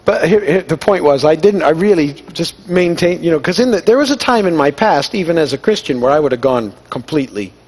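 A man's voice: on the high side, lively intonation, brisk, few pauses, darkish tone, slightly rough. A middle-aged man giving an informal sermon, telling personal stories and acting out the dialogue in a conversational, self-deprecating way. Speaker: pastor.

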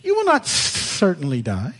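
A man's voice: high voice, huge pitch swings, moderate pace, a bit bright, full character voice. A pastor voicing a crafty, tempting male serpent while reading scripture aloud. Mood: sly.

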